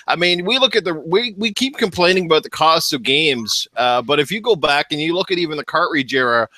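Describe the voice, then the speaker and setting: A chatty Canadian man with a bright, forceful tone talks lightly in a casual podcast roundtable. His voice sits a bit high and sounds dry and close. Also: expressive, brisk, no room sound.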